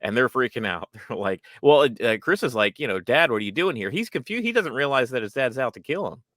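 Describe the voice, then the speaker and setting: A man's voice: medium pitch, animated, fairly quick, a bit bright, no room sound, studio quality. A man co-hosting a casual TV reaction podcast, rambling with frequent ums and laughs. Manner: rambling, many ums and restarts, laughs often. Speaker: podcast co-host. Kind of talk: casual TV episode recap chat.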